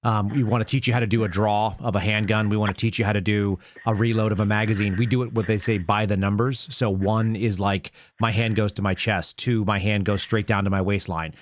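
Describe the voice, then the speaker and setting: A man's voice: fairly low pitch, steady tone, brisk, few pauses. A man hosting a call-in show, giving earnest advice in casual chat and walking through examples step by step.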